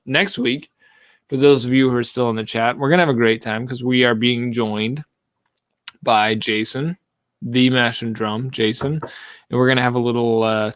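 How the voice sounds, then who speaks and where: A man hosting a live-stream show in loose, rambling casual chat, full of fillers and asides. His voice sits at an everyday middle pitch and is recorded dry and close, with no room echo. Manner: rambling, animated, lots of fillers. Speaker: podcast host.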